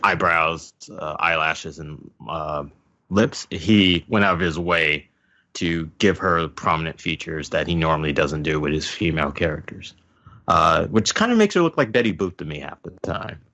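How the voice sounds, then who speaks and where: Deep-voiced man picking apart details. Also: expressive, normal speed, bright, forceful tone. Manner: analytical, pointing out details. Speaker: podcast host. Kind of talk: casual chat. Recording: dull lo-fi podcast audio.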